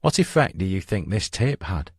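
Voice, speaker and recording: Calm, probing police interviewer, read by a man; deep, dry. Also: moderate pace, slightly rough, dry recording, exaggerated voice.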